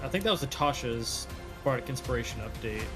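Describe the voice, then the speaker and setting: Relaxed man playing a tabletop game. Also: medium pitch, fairly quick, loud music behind the voice. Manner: relaxed, hesitant, lots of fillers. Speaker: player. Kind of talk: casual tabletop game play.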